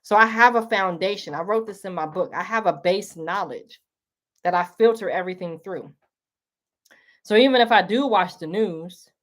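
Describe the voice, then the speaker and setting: A woman hosting a live talk, speaking earnestly and preachily to her listeners, calling them y'all. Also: lowish voice. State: emotional, tearing up. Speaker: livestream host. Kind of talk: casual spoken monologue.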